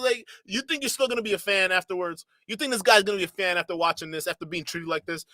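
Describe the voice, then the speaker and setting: A man streaming a casual reaction commentary, talking back to clips with sarcastic, animated asides. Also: sits high, fast talker, few pauses, no room sound.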